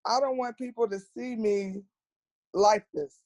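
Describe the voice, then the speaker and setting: A woman's voice: on the high side, fairly even intonation, measured pace, a little mellow, no room sound. A woman, a nurse, talking as a podcast guest in a candid, earnest way and repeating words for emphasis. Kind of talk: candid personal storytelling.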